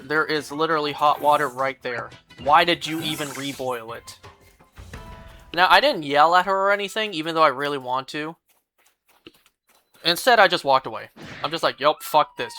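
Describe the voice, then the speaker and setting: A woman with a bright, forceful voice pitched on the low side, chatting casually while she plays a game on stream. She vents in an exasperated, ranting way and swears freely, with faint game music behind her. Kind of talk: casual chat while gaming.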